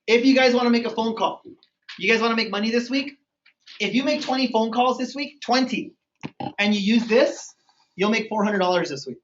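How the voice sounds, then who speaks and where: A man leads an energetic sales training for a live group in a meeting room, speaking briskly in a high voice and acting out phone conversations. The mic is far away in the echoey room, the sound is dull, and there's slight background noise.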